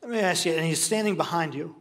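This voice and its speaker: A pastor interviewing a guest on a church stage, asking questions in an encouraging, conversational way. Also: male voice, on the high side, fast talker, noisy background.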